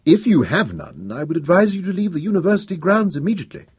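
A man reading an older professor who speaks with cool authority, polite but unbending, for a storybook reading. The voice has a husky edge and a lively, rising delivery, set close and dry. He addresses a crowd with measured, commanding formality. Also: high-pitched, dry recording, voice pushed up, heavily acted. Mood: firm. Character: aging male professor, calm, firm and authoritative.

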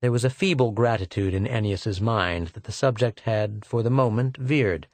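A man narrating a science fiction novel as an audiobook, reading in a measured, steady way and lifting his voice for the characters' lines. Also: lowish voice, no room sound. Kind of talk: scripted narration with dialogue voices.

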